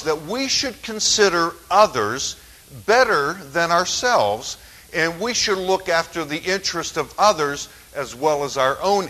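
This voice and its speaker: A man's voice: fairly high pitch, fairly bright tone, poor audio. A male pastor preaching a conversational sermon in a church, with many fillers and restarts.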